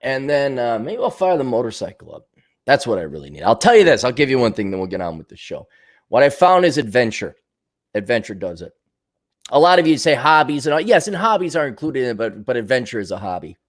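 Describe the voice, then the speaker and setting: A man's voice: mid-range voice, very animated, quick pace. A man hosting his podcast alone, rambling and musing aloud in a sardonic way, slipping into little voices for his own thoughts. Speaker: podcast host. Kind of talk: rambling solo monologue.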